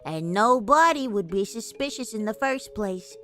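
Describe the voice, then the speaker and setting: A woman streaming and translating a game live, animated, laughing and mocking herself between lines. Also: fairly high pitch, moderate pace, faint music behind. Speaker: streamer and voice actress.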